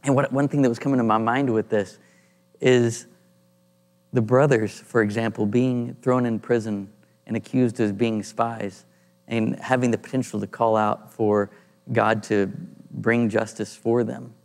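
A man leading an informal Bible study, thinking aloud and pausing to search for passages as he reads and explains scripture. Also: medium pitch, fairly even intonation, a little mellow. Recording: long reverb in a room.

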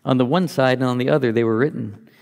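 Male Bible teacher, gravelly, mid-pitched, conversational explainer; long hall reverb. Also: quick pace, darkish tone. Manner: conversational, thinks aloud while explaining.

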